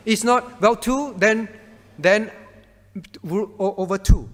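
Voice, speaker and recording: A man's voice: sits high, slow pace, a bit bright, long reverb tail. A man as pastor teaching a Bible class, quizzing his students by name and hammering home his point through repetition.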